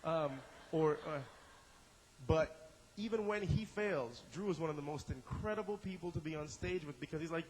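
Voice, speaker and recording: A man's voice: on the high side, moderate pace, darkish tone, in a large hall, poor audio. A man teaching an improv class, talking with energy, acting out short examples in character voices and often repeating and restarting his words. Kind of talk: instructional talk to a class.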